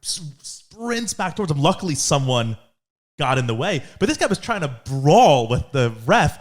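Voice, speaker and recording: A young man co-hosting a podcast, telling a story in casual chat and acting out quotes in high voices. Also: big pitch swings, normal speed. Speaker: podcast co-host.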